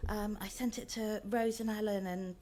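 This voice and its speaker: A woman's voice: medium pitch, steady tone, normal speed, warm tone, slight background noise. A woman author giving a chatty talk with slides, hesitant and full of ums. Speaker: author, guest speaker.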